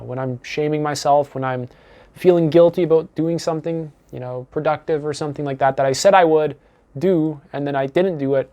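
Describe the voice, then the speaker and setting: A man coaching viewers in a calm, deliberate teaching talk. His voice sits slightly higher than most men's. He is earnest, repeats his main phrases, and drops in easy fillers as he goes. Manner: casual fillers like "you know". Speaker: self-improvement coach. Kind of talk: teaching monologue to camera.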